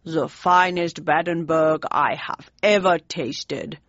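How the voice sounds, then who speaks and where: A woman doing a stiff older Prussian statesman, speaking with a heavy German accent in a slow, intoning, icily polite way. The voice sits low and measured. The sound is dry and a little dull. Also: fairly even intonation, a bit bright, no room sound. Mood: formal.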